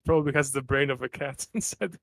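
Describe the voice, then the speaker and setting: A man's voice: mid-range voice, quick pace, creaky, fairly bright tone, dry recording. A man playing a tabletop game, making wry, amused asides. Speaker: player. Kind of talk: tabletop role-play banter.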